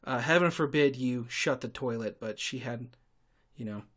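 Man, podcast host, sarcastic, irritable, casual monologue, sudden loud outbursts, medium pitch. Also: moderate pace. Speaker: podcast host and tour guide.

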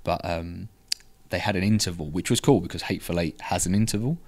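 A man's voice: deep voice, quick pace, darkish tone. A man in a casual podcast chat who talks enthusiastically and rambles with frequent restarts. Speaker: podcast co-host.

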